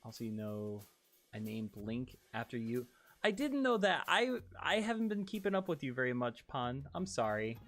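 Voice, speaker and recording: Male streamer, casual livestream chat; excitable, giggly, loose-mouthed, with faint background music. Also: mid-range voice, moderate pace. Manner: excitable and giggly, swears freely.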